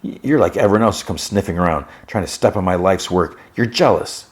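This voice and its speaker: A man's voice: low voice, a little fast, close to an everyday voice. A man voicing a smug, eccentric male scientist, talking in a self-important, defensive way. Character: smug eccentric male scientist who builds car people.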